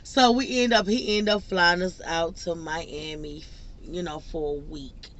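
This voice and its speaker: A young woman vlogger telling a personal story in an animated, laughing, casual way. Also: on the low side, unhurried, no room sound, lo-fi sound. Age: young adult. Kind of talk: storytime vlog.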